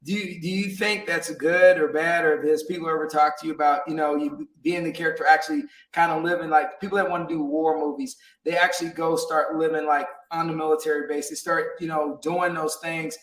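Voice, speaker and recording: A man's voice: a little high, little pitch movement, a little fast, hardly any pauses, fairly bright tone. A man hosting an interview show, talking in a rambling, casual way with lots of fillers and frequent laughs. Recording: roomy, distant from mic.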